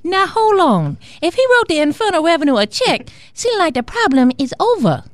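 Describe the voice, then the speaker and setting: A man's voice: extremely high pitch, wildly swooping pitch, moderate pace, no room sound, exaggerated voice. A man voicing a sarcastic wife, in a comic radio skit. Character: sharp-tongued Cajun wife Elizabeth.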